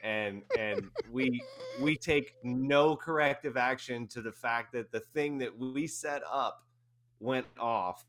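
A man, an army veteran guest, casually telling an animated anecdote and often laughing. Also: mid-range voice, slow pace. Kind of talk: casual storytelling.

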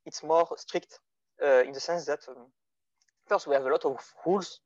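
A man from France with a French accent, speaking English as a second language as a podcast guest in a casual philosophical discussion, halting as he searches for words. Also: fairly high pitch, dry recording. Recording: dull lo-fi audio.

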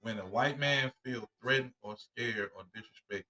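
A man from Chicago in casual chat, an animated storyteller who acts out voices, laughs often and uses a lot of profane slang. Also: mid-range voice, normal speed.

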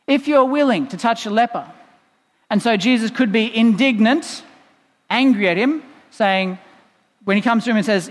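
A man's voice: extremely high pitch, animated, normal speed. A male pastor preaching a sermon in a church, explaining in a conversational way with playful asides. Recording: long reverb in a church hall.

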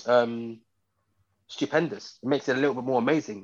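A husky-voiced man co-hosting a casual podcast, talking through a film review in a rambling, repetitive way with lots of fillers. The audio is muffled and lo-fi. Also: medium pitch, fairly quick. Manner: rambling, repeats himself, many fillers. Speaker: podcast co-host.

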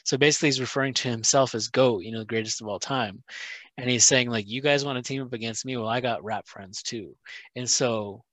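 Man, casual podcast chat, mid pitch, animated storytelling, quotes people, dry close sound. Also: a little fast, no room sound. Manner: animated storytelling, quoting others, frequent "right?" and "you know". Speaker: podcast co-host.

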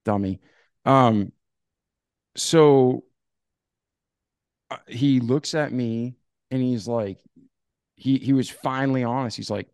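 Animated man telling his story. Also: medium pitch, dry recording. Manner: animated, acts out dialogue with "I'm like". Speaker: podcast guest. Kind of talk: casual storytelling.

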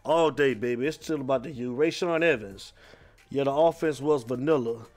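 A man's voice: mid-range voice, normal speed, darkish tone. A man hosting a sports talk show, taking calls and reading messages in a loose, streetwise manner, saying "man" over and over.

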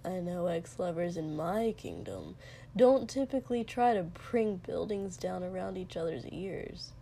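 A woman voicing a calm, reserved young man who speaks quietly and hesitantly in a storybook reading. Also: fairly low pitch, measured pace, gravelly, a little hiss or hum, exaggerated voice.

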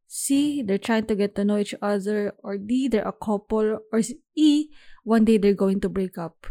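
A young woman hosting a solo podcast, talking through her thoughts in a reflective, unhurried way with small restarts. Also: mid-range voice, warm tone. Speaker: podcast host.

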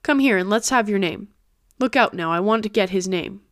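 A woman's voice: medium pitch, fairly quick, no room sound, clean studio sound, close to an everyday voice. A woman voicing a suspicious, demanding male policeman in an audiobook reading.

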